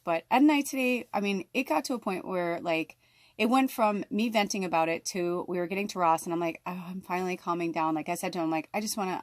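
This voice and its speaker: A woman's voice: mid-range voice, dry recording. Woman spiritual vlogger, casual unfiltered rant full of "like" and "you know", dry mic. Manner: rambling, heavy fillers, frequent swearing. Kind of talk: casual venting to camera.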